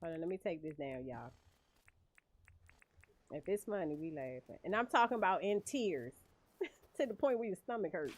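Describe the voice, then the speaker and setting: Lively, laughing woman streamer. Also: on the low side, normal speed, long pauses, no room sound. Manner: chatty, laughs often, addresses viewers as y'all. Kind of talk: casual livestream chat while gaming.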